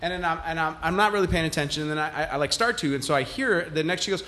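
A man's voice: a little high, rapid-fire, hardly any pauses, bright, forceful tone, slight background noise. A man hosting a podcast, telling a story in a casual, heated, profane way, full of "like". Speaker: podcast host.

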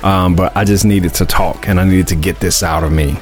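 A man's voice: low voice, steady tone, soft background music. A man hosting his own podcast, talking earnestly and emphatically, stretching out key words as he makes his point. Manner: earnest, emphatic, drawn-out stresses; confident, heartfelt motivational talk. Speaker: podcast host. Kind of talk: casual solo podcast monologue.

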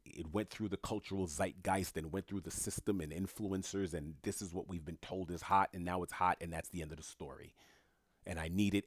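This is a deep male voice, recorded in studio quality with no room sound. He's a commentator delivering an opinion monologue, lecturing in punchy short phrases, posing rhetorical questions and answering them himself with emphatic repetition.

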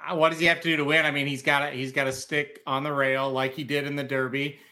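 Man, racing co-host, emphatic, bright tense tone, higher pitch. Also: flat delivery, fast. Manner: emphatic, hedging with "like" and "I mean". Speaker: podcast co-host. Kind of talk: casual podcast chat.

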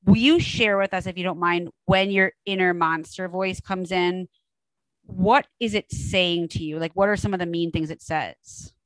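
Middle-aged woman host, warmly enthusiastic interviewer, slightly low voice, dry close sound. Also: fairly even intonation, moderate pace, no echo, poor audio. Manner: enthusiastic, affirming. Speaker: podcast host. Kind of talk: conversational interview.

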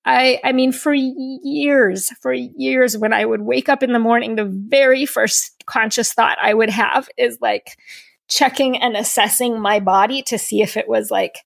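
A woman podcast host telling a candid personal story in an earnest, animated way, acting out her own inner voices. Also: on the high side, unhurried, creaky, no echo, clean studio sound.

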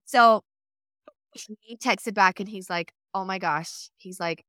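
A woman telling a story casually in a conversation, lively and laughing as she acts out the quoted texts. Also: mid-range voice, takes it slowly, dry recording, studio quality.

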